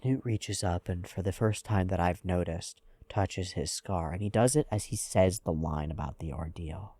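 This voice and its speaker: A man's voice: low-pitched, normal speed, mellow, dry recording. A man hosting an anime reaction, talking through a character's psychology in a thoughtful, analytical way with frequent "like"s. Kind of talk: casual reflective commentary.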